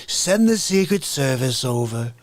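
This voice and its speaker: A man doing a comic impression of a blustering older male ex-president, rambling in a slow, put-upon drawl. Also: medium pitch, very animated, no echo, pitched below the performer's own voice. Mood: mock indignant. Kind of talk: comic impression on a call-in talk show.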